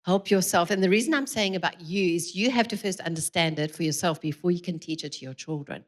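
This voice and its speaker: A middle-aged woman, giving a lively parenting talk to a church audience, acting out quotes and laughing often. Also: lowish voice, quick pace. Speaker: parenting speaker. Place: church hall.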